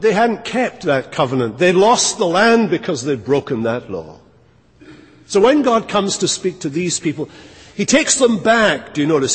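Emphatic preacher in a reverberant hall. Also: male voice, a little high, slightly rough. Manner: earnest, emphatic preaching with repetition. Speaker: pastor. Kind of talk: sermon. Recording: long reverb of a church hall.

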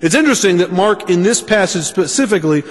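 A man preaching a sermon, speaking deliberately and restating his points for emphasis. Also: sits high, animated, in a large hall.

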